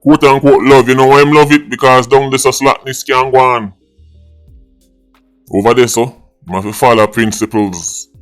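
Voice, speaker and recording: A man's voice: mid-range voice, steady tone, moderate pace, faint music behind. A man with a Jamaican accent hosting an opinionated commentary vlog, indignant and slipping between patois and English. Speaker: vlogger host.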